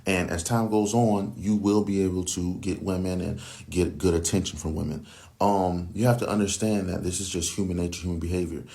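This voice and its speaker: Deep gravelly man, blunt and profane. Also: steady tone, brisk, dark tone. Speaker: commentator. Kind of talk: casual monologue.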